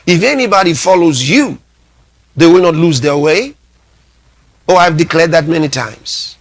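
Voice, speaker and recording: Pastor guy preaching slow, voice swings high and low, bit high pitched. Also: big pitch swings, a bit bright. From Nigeria. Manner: emphatic, repeats phrases, reads scripture aloud slowly. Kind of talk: sermon.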